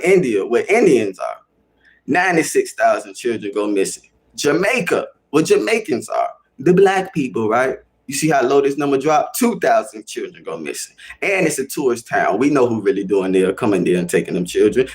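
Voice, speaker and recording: A young man with a Chicago accent hosting a casual livestream, talking to his chat in a slangy, animated way and repeating himself for emphasis. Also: medium pitch, breathy edge. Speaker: livestream host.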